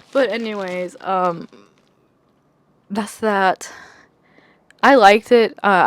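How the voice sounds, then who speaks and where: A woman's voice: mid-range voice, dry recording. A woman giving a casual book review, ranting in exasperation with lots of fillers and swearing. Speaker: book vlogger.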